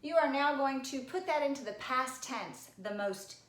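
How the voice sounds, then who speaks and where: A woman teacher giving a recorded spelling lesson, playful and teasing, sounding words out slowly. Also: high voice, animated, roomy sound.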